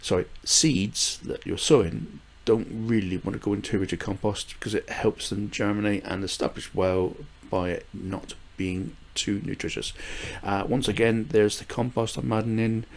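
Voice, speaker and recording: Steady in tone, an older UK man talks through his gardening vlog in a fairly low voice with vocal fry, keeping a moderate pace and few pauses. His rambling delivery has plenty of fillers, restarts and small chuckles.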